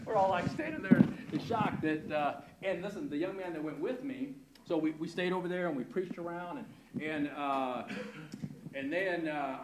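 Older male pastor, higher voice, lively storyteller who repeats himself and checks in with "right?". Roomy, noisy room sound. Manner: lively, emphatic, repeats words and asks "right?". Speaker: pastor and missionary guest. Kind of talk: animated storytelling testimony. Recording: roomy with audible background noise.

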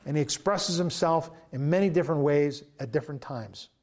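A man preaching to his congregation, talking with an earnest, conversational warmth and stumbling into frequent restarts and fillers. His voice sits a little higher than most men's. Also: brisk. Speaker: pastor. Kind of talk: sermon.

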